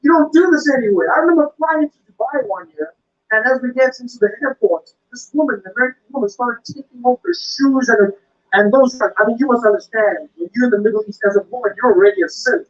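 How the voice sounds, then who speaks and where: A male stand-up comedian performing a routine on stage, acting out voices of shouting officers. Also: very high voice, fast talker, highs cut off. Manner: animated, with loud acted-out officer voices.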